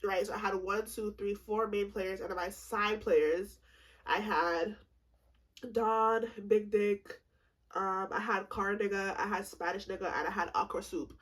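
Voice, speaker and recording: This twenty-something vlogger has a medium-pitched voice and talks a little slowly. Her comedic storytime is lively and full of profanity, and she voices both sides of the exchange.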